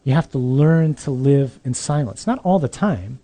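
Mellow, emphatic male preacher. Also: medium pitch, expressive, moderate pace. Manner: conversational and emphatic with dry humor. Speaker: priest. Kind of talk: sermon to young adults.

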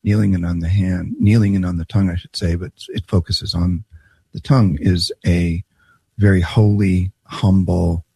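A man co-hosting a casual Catholic talk show, explaining church practice in a measured way and often affirming his co-host. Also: sits low, flat delivery, creaky, mellow, breathy edge, dry recording. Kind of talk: casual Catholic podcast chat.

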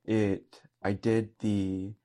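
Young male priest, lowish voice, open and earnest interview storyteller who laughs easily. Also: little pitch movement, extremely slow, warm tone. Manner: earnest, easygoing storytelling with frequent light laughs. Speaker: Catholic priest. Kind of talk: personal story in a conversational interview.

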